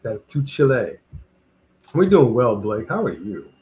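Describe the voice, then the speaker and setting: Animated man co-hosting a wrestling stream. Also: medium pitch, measured pace, low-quality recording. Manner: animated, reads out viewers' greetings and weather. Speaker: co-host of a wrestling watch-along. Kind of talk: casual live-stream chat.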